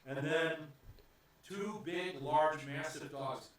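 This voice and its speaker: A man's voice: a little high, slow pace, fairly bright tone, very echoey, distant mic. A man narrating as game master of a tabletop game, rambling with many fillers.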